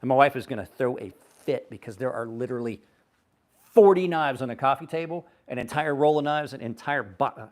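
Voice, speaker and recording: A middle-aged man talks casually on a livestream about knives. His voice sits at an ordinary middle pitch. He is blunt and swears freely, and he gets animated as he tells his stories. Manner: blunt, profane storyteller, animated. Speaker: knife channel host on a livestream.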